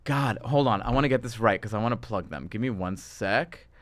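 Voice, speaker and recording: A man hosting a casual podcast chat, joking, swearing often and breaking into goofy high squeals when he acts out stories. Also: a little fast, no room sound. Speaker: host.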